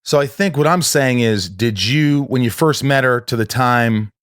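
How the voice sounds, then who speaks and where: A man's voice: medium pitch, moderate pace, a bit bright, clean tone, dry recording, studio quality. A man telling a story in a casual podcast chat, rambling with many restarts. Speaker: podcast guest.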